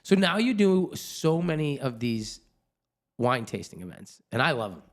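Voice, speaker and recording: A man's voice: medium pitch, normal speed. A middle-aged man hosting a podcast, chatting casually, swearing and joking. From New England. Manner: swearing, joking, animated impressions of others. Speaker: podcast host. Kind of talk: casual chat.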